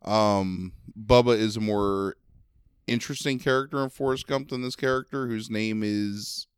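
Man, slightly nasal, sarcastic rambling, lowish voice, clear and smooth, dry close sound. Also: fairly even intonation, moderate pace, no room sound. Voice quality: a little nasal. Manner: rambling, sarcastic, many ums and likes. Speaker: podcast co-host reviewing a movie. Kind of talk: casual chat.

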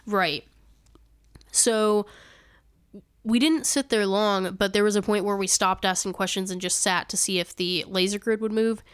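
A young woman co-hosting a paranormal podcast, her smooth voice recorded close and dry. She rambles through the story, backtracks to fix details, and laughs easily. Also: mid-range voice, steady tone, measured pace, no room sound. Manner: rambling, self-correcting, laughs often. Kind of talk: casual storytelling chat.

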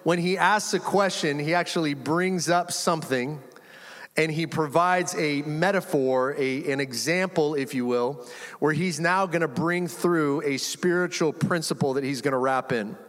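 Pastor guy giving a sermon, high voice, chatty and animated, acts out the quotes, big reverby church room. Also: unhurried. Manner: conversational and animated, acts out quotes, chuckles often. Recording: long reverb of a large room.

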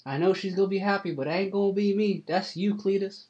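A man doing a brisk farm wife. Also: high voice, fairly even intonation, a little mellow, muffled recording, pitched above the performer's own voice, lightly acted. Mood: gleeful. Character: rural farmer's wife, brisk and blunt.

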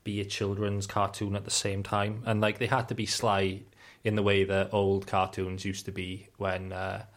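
A man's voice: on the low side, completely flat delivery, moderate pace. A man chatting casually about cartoons, rambling with many fillers and restarts. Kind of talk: casual chat.

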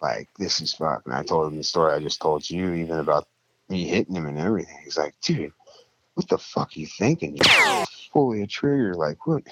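A young man telling a story in casual, profane talk, acting out the people in it with louder, higher voices. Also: expressive, fairly quick, lo-fi sound, slight background noise.

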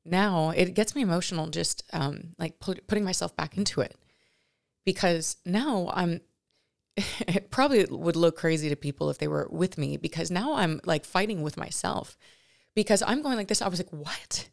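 A young woman with a low voice and plenty of vocal fry recounts a personal spiritual experience for her vlog. She rambles and restarts her sentences, and her voice often sinks to a soft near whisper. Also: animated. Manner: rambling, halting, full of self-corrections. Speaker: vlogger. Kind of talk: reflective personal storytelling.

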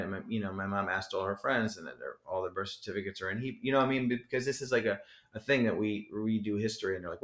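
Man from New Jersey, rapper guest, rambling animated talk, swears a lot, low-ish voice, echoey room. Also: fast talker. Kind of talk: casual interview chat.

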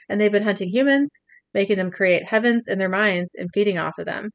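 A young woman co-hosts a podcast, recapping an episode casually by narrating scenes, often laughing and breaking off mid-read. Her mid-range voice moves fairly quickly, with no echo.

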